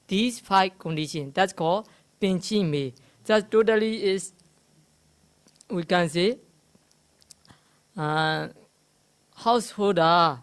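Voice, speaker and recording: A woman teaching Buddhism delivers a Dhamma talk in a meditation centre hall, her voice clear and fairly low. She moves slowly, pausing with fillers as she works through each Pali word, and occasionally teases her listeners gently.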